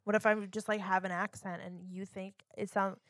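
A woman's voice: mid-range voice, little pitch movement, normal speed, fairly bright tone, no echo, clean studio sound. Chatty woman from Florida. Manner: chatty, filler-heavy, lots of "like". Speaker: podcast co-host. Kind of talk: casual podcast chat.

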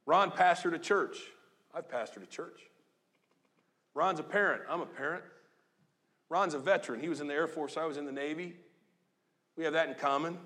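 A man's voice: fairly high pitch, moderate pace, pauses often. Man in his fifties preaching in an echoing hall. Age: 50s. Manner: animated, joking, conversational preaching. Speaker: pastor. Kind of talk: sermon. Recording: long echo of a large hall.

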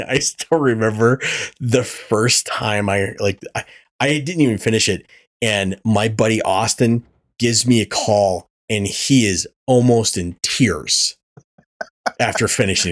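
A man hosting a podcast, chatting casually, swearing often and telling animated stories. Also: fairly low pitch, a little slow. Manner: animated storytelling, swearing and laughing. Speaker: podcast host. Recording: poor audio from a faulty mic.

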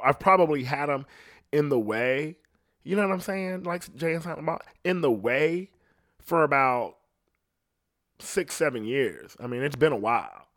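A man's voice: medium pitch, fairly bright tone, dry recording, studio quality. A man from Ohio hosting a solo podcast, rambling in a profane, casual monologue and often asking "you know what I mean". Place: at home alone.

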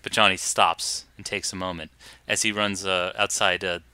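A man's voice: low voice, level tone, normal speed, pushed and bright, smooth, no echo. A man co-hosting a podcast, chatting casually with a mocking, sarcastic edge and frequent laughter. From Boston area. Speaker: podcast co-host. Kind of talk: casual chat.

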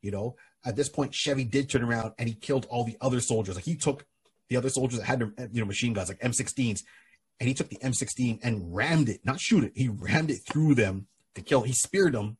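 A man's voice: medium pitch, fairly quick. A man hosting a podcast, casually and animatedly retelling a comic book story with many restarts. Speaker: podcast host. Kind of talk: casual chat.

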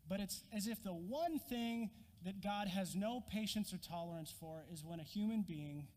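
A man preaching a sermon, an animated storyteller who acts out scenes with a prop. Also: high voice, normal speed, big-room sound. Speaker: pastor.

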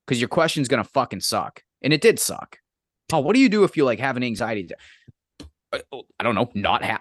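A man's voice: mid-range voice, lively intonation, quick pace, dry recording, clean studio sound. A man in casual podcast chat who rants in a profane, exasperated way.

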